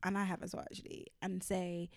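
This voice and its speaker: A woman co-hosting a podcast, chatting casually and rambling with quick asides. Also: fairly low pitch, level tone, dry recording, studio quality. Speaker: podcast co-host. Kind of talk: casual chat.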